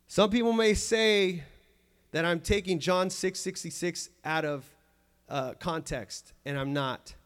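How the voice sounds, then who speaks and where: A man's voice: sits high, takes it slowly, fairly bright tone, smooth. A man preaching a sermon in church, earnest and emphatic, often restarting and repeating phrases.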